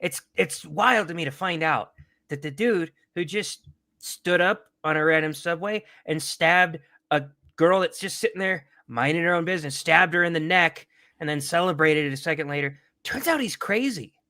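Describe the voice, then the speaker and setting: Blunt, bright-voiced young man cohost. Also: on the high side, moderate pace, dry recording, clean studio sound. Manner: blunt, profane and indignant. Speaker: podcast co-host. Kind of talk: casual chat.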